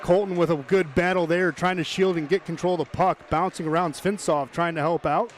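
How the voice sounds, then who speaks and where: A man calling live hockey play-by-play, brisk and chatty, tossing in joking asides. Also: sits high, fairly even intonation, a little hiss or hum. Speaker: play-by-play commentator.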